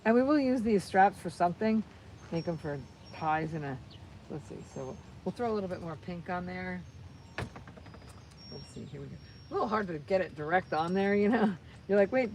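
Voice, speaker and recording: A woman's voice: on the low side, darkish tone, a little hiss or hum, low-quality recording. A woman hosting a live crafting session, chatting cheerfully to viewers as she works and often repeating herself. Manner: cheerful, rambling, repeats phrases, talks to viewers while working.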